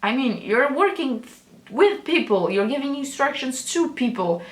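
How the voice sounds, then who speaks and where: A young woman tells a storytime vlog in a loose, rambling way, restarting sentences and swearing casually. Her voice sits a little high, and the room around her is noticeably echoey. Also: lively intonation, normal speed. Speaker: vlogger.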